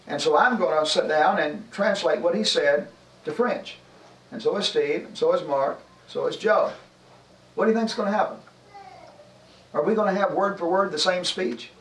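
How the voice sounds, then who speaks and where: A man with a high voice teaches a Bible class, making his case through examples and rhetorical questions. He is recorded from a distance in a roomy space, with faint ambience behind him. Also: normal speed, a bit bright.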